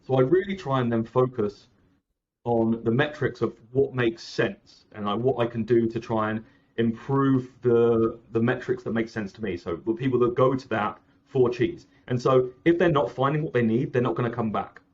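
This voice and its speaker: Speaking casually as an interview guest, this app founder keeps revising what he says, drifting off on tangents and using "like" and "um" a lot. His mid-range voice is a little mellow and moderately paced, and the highs in the recording are cut off.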